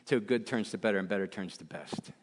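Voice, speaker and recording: A preacher putting on a gruff old coach who chants through clenched teeth, his voice dropped low. The words come clipped and tight, ringing in a long hall reverb. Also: fast talker. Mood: drilling.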